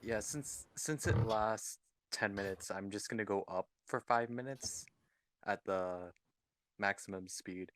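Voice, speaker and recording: A man's voice: on the low side, measured pace, fairly bright tone, no room sound, clean studio sound. A man playing a tabletop game, explaining his moves step by step in a matter-of-fact way. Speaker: player.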